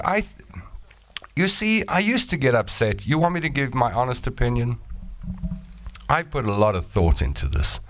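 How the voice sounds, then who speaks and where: Recorded dry, a South African man with a voice on the low side hosts a casual chat show by himself. He reads out messages from listeners, joking around playfully and wandering into rambling asides.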